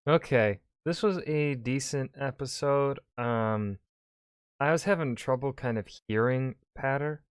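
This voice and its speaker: Brief: male reactor, mid pitch, loose rambling commentary, dry room. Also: measured pace, clear, resonant tone, dry recording. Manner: relaxed, rambling, with fillers. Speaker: reaction video host. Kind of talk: casual commentary.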